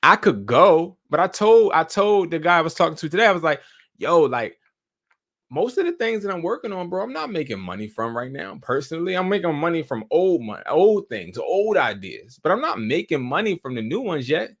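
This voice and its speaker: A man's voice: a little high, big pitch swings, a little fast, a bit bright. A man hosting a live stream, chatting casually and telling stories in loose slang with profanity. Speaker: host.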